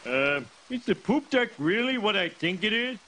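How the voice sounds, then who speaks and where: A man's voice: high voice, sing-song, normal speed, sharp tone, slight background noise, heavily acted, rough recording. An actor voicing a bumbling middle-aged cartoon father with a goofy delivery. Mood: baffled. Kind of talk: cartoon voice acting.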